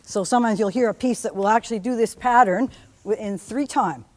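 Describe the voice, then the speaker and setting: A woman teaching a music theory lecture to a class in a lively way, often humming or singing examples. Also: medium pitch, fairly quick, in a large hall, noisy background. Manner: lively, hums and sings examples. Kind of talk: university lecture.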